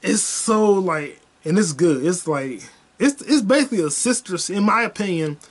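High-voiced man, loose and profane. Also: animated, normal speed. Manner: loose, profane, repetitive storytelling. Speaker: podcast host. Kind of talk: solo comedic podcast monologue.

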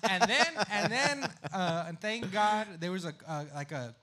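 A man on a podcast telling a story in casual chat, loud and profane, shouting out the voices of the crowd. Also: sits high, sing-song, a little slow. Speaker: podcast guest.

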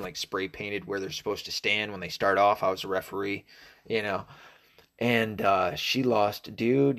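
A man's voice: fairly low pitch, fairly bright tone. A young man from the American South with a faint Southern accent, talking in a casual, profane, rambling monologue full of restarts. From Arkansas, US South.

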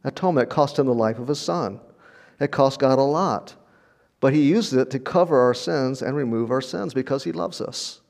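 A man's voice: mid-range voice, normal speed, vocal fry, a little mellow. An older man preaching a sermon in a conversational, storytelling way, often repeating words and chuckling. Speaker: pastor.

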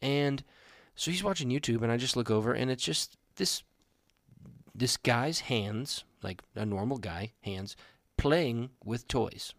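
A young adult man co-hosting a podcast, telling animated, rambling stories in casual chat. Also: mid-range voice, a little slow. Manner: rambling, animated storytelling with restarts. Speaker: podcast co-host.

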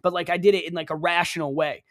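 A man's voice: fairly high pitch, no room sound, clean studio sound. A young man co-hosting a podcast, chatting casually and rambling, often acting out quotes. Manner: rambling, animated, quick to act out quotes. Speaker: podcast co-host. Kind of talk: casual chat. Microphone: studio mic, dry booth.

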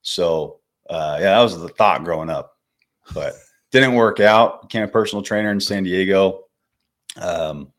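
A man's voice: sits low, unhurried. A young man in his twenties, a podcast guest telling a story in a laid-back way, swearing and calling the host dude and bro. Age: 20s. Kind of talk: casual storytelling.

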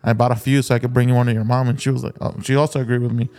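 Swearing, animated middle-aged man. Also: medium pitch, rapid-fire. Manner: swears freely, animated storytelling. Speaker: podcast co-host. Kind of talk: casual chat.

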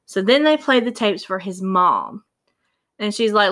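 A woman casually retelling a true-crime case, animated and acting out the quoted voices. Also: mid-range voice, a little slow.

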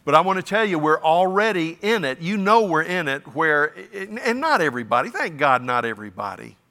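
A man's voice: fairly high pitch, sing-song, brisk, sharp tone, long reverb tail. A man preaching a sermon as pastor in a folksy, emphatic way, with stammered restarts. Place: church sanctuary.

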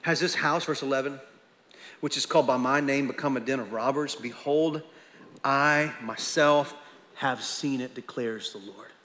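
A man's voice: medium pitch, moderate pace, fairly bright tone. A man preaching a sermon as pastor, emphatic, often repeating words as he presses a point home. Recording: long reverb of a large hall.

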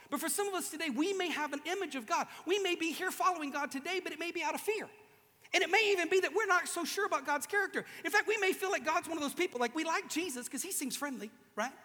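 A man with a very high, bright voice delivers a lively, joking sermon. He acts out little voices as he goes. The sound carries a long hall reverb from a large room. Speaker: preacher. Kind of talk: humorous sermon to a live audience.

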